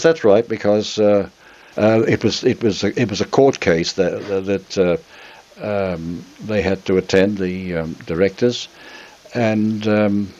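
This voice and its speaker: Older man from Australia, low and muffled. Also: darkish tone. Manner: rambling, with frequent ums and restarts. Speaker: interview guest, former radio presenter. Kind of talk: reminiscing interview answers.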